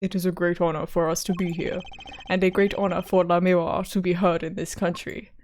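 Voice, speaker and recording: A woman voicing a huge, formal male manager and interpreter in a lowered voice. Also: flat delivery, a little fast, music in the background, lightly acted.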